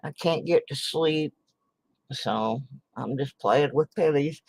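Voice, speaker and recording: This coin roll hunting vlogger can't sleep, so she rambles folksily while searching through coins in her living room late at night, with sighs and small muttered exclamations. She speaks slowly in a low, darkish voice with vocal fry, and the audio is poor.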